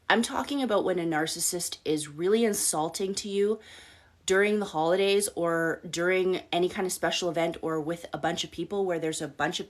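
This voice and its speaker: A woman life coach hosting a live-stream advice talk, speaking bluntly with casual swearing and often checking in with "okay?". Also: fairly low pitch. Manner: blunt, profane, direct coaching tone; addresses listeners with frequent "okay?" check-ins.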